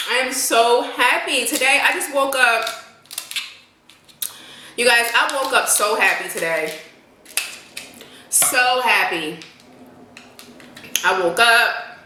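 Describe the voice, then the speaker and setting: A woman's voice: on the high side, takes it slowly, pauses often, sharp tone, reverberant, a little hiss or hum. A woman in her late twenties chatting to viewers while eating in a casual mukbang vlog, humming as she savors the food. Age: late 20s. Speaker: mukbang vlogger. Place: home, with a plane passing overhead.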